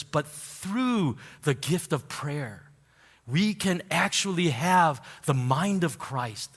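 Bright-voiced man preaching in a reverberant hall. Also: slightly rough. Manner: animated storytelling, laughs at himself, drops soft and low in prayer. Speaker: pastor. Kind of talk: sermon with personal story.

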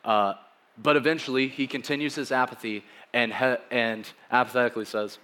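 A young man delivers a sermon in a relaxed, conversational way, cracking small jokes. His voice sits at an ordinary middle pitch, and he slips into the voices of the people he quotes to act out their lines. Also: normal speed. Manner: casual, joking, acts out quoted dialogue. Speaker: preacher.

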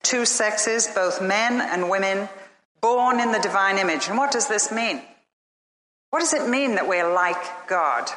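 A woman preacher giving a sermon and telling a story, earnest and emphatic with slow, dramatic pauses. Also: mid-range voice, expressive, fairly bright tone. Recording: echoey hall.

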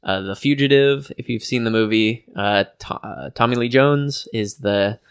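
Gravelly man, dry podcast co-host. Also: mid-range voice, no room sound. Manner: dry, teasing, halting with many fillers. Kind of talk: casual chat.

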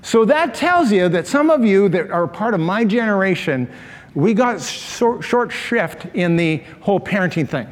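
Middle-aged male preacher, high voice, joking storyteller, long hall echo. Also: big pitch swings, a little slow. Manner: storytelling, humorous asides, laughs at own jokes. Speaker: pastor. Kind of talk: sermon.

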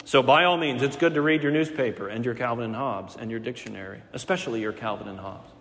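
A man preaching a Sunday morning sermon as pastor, earnest and emphatic, slowing to stress key words and speeding through asides. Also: medium pitch, a bit bright. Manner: earnest, emphatic, varies pace between slow stresses and quick asides. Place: church sanctuary. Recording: long hall reverb.

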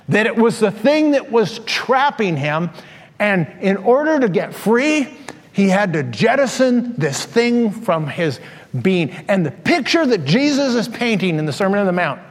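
A man preaching a sermon to a congregation, speaking in a conversational way and putting questions to them directly. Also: high-pitched. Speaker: pastor. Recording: reverberant hall.

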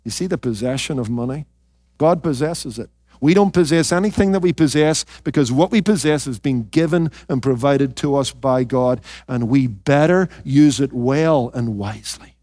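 Man, pastor, sermon, fairly high voice, dry close sound, emphatic with quiet asides. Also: moderate pace, no room sound. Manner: emphatic preaching, drops to quiet intense asides; addresses listeners directly with rhetorical questions.

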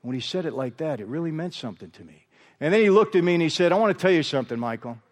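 A man's voice: fairly high pitch, animated, racing. A middle-aged man giving an emphatic testimony sermon, calling out to the audience as he tells his story. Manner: emphatic, repeatedly addresses the audience as "people". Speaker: guest speaker. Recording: long hall reverb.

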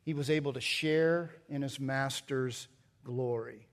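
A man's voice: mid-range voice, steady tone, unhurried, in a large hall. A man preaching a sermon, reading scripture and explaining its grammar, building to emphatic peaks. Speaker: pastor.

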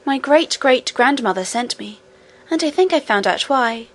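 A woman's voice: sits high, animated, moderate pace. A woman voicing a brave, earnest young girl princess in a storybook reading.

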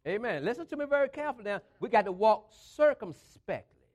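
A man with a notably high voice preaching a sermon in an emphatic call-and-response style. He builds each phrase up and drives it home, repeating lines for effect, with speech patterns. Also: big pitch swings, fairly quick.

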